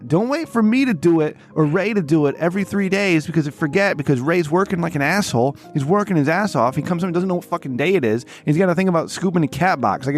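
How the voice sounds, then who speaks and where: Foul-mouthed ranting man, a bit high. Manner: ranting, heavy swearing. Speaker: podcast co-host. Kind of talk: casual profane podcast banter.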